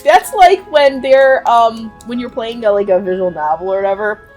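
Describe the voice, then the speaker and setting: A woman streamer playing a game, making giggly, animated asides. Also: fairly high pitch, moderate pace, soft background music. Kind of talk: game let's play.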